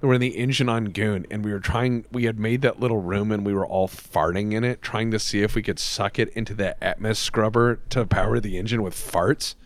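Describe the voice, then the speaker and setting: A man chatting casually as a podcast host, telling stories with loud laughs and acted-out quotes. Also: lowish voice, fairly quick, few pauses, dry recording. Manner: animated storyteller, acts out quotes, laughs loudly. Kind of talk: casual chat.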